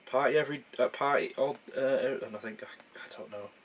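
A man's voice: mid-range voice, a little fast, slight background noise. A young man thinking aloud in casual gameplay commentary, rambling and poking fun at himself. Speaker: gaming channel host.

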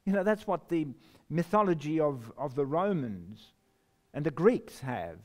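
A man preaching a sermon, reading scripture slowly and emphatically, with sudden rises and drops in his voice. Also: on the high side, sing-song. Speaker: pastor.

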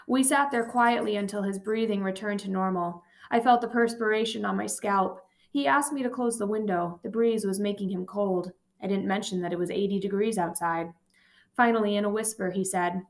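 A woman reading a memoir aloud in a steady, measured, calm voice. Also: medium pitch. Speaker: audiobook reader. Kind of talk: amateur audiobook reading.

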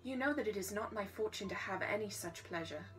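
A woman reading a gentle hopeful servant girl from a storybook, earnest and eager, in a fairly bright voice pitched a little high. The storybook girl sounds sweet and humble. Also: a little fast, recorded from a distance, soft background music, lightly acted.

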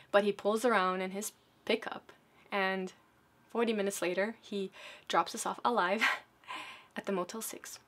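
A woman from South America recounts a personal story before an audience. She speaks at a medium pitch and keeps the telling vivid. She slips into acted quotes as she goes. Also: fairly even intonation, a little slow, pauses often, a bit bright.

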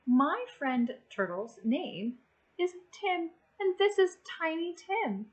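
High-voiced Canadian librarian reading slowly to children. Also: female voice, highs cut off. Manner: slow, sing-song read-aloud voice. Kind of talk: storytime reading and singing for children.

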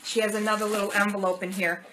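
A woman's voice: mid-range voice, flat delivery, fast talker, low-quality recording. A middle-aged woman hosting a casual vlog, opening gifts and thanking viewers with gushing delight. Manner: gushing, warm thanks over small gifts. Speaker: channel host. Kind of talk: casual gift-unboxing vlog.

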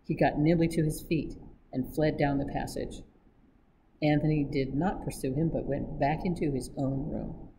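A woman reading a novel aloud in a steady, even narration, over a noisy recording. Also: sits low, normal speed. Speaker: staff reader.

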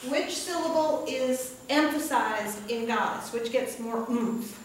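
A woman's voice: a little high, slow pace, a little hiss or hum. A woman teacher giving a classroom lecture, patient, repeating words and checking in with "okay?". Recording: echoey classroom from far off.

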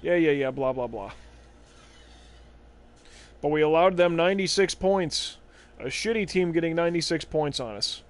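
A man's voice: on the high side, normal speed, long pauses. A young man streaming a basketball video game, rambling in casual, sarcastic, profane commentary. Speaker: gaming livestreamer. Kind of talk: casual let's-play commentary.

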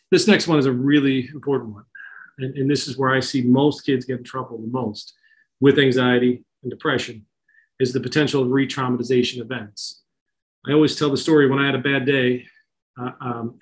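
The recording is low quality, capturing a mid-range male voice. He's middle-aged, addressing parents casually on kids and tech, with plenty of fillers and false starts.

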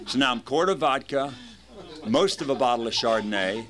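A man in his fifties telling his story at a recovery meeting, lively, acting out the voices of people in it. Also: medium pitch, normal speed, faint music behind. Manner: animated storyteller, acts out quoted voices.

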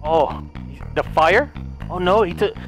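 A young man giving comedic let's play commentary, frantic and pleading, shouting and laughing as he plays. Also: sits high, huge pitch swings, slow, soft background music. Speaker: gaming video host.

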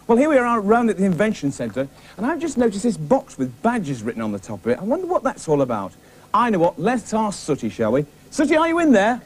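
A man presenting a children's puppet show, chatting excitedly with the puppets. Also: high voice, breathy edge.

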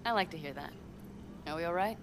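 An actress voicing a tough, guarded young nomad woman in a video game, speaking in a low, dry, matter-of-fact way. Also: quick pace, close to an everyday voice. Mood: warm. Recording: game audio under noise.

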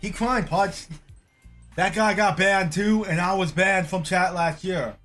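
A man hosting a reaction video, loud and exclamatory, swearing often. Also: high-pitched, fairly even intonation, measured pace, soft background music. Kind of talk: excitable reaction commentary.

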